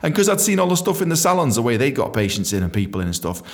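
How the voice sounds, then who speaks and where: A man hosting a storytelling podcast, animated, swearing freely and acting out quotes. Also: medium pitch, very fast. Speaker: podcast host.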